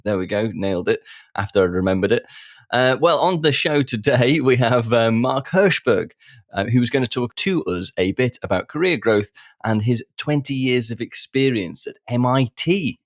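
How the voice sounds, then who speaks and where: A man co-hosts a podcast in an animated, mid-range voice at normal speed, recorded in a clean studio with no room sound. He jokes, mocks himself, and laughs often through casual banter.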